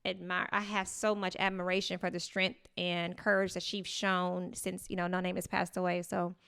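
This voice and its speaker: Woman podcast cohost chatting, bright crisp voice, tells stories and does the other people's lines. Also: on the low side, moderate pace. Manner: storytelling, animated retelling with quoted voices. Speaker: podcast co-host. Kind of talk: casual chat.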